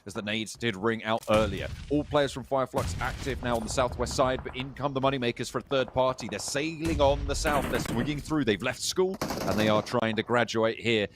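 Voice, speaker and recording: A man doing live play-by-play for an esports match, calling the action in rapid bursts and laughing easily with his co-caster. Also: mid-range voice, noisy background.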